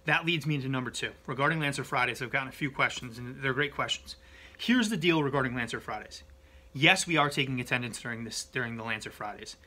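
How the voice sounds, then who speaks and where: A man's voice: mid-range voice, fast talker, bright, forceful tone. A man giving casual daily school announcements as assistant superintendent, talking directly into a phone at arm's length at home. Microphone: phone held at arm's length.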